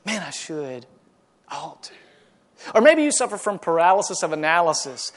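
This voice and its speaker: A man preaching a sermon in an animated, folksy way, acting out the voices he quotes. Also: on the high side, normal speed. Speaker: pastor.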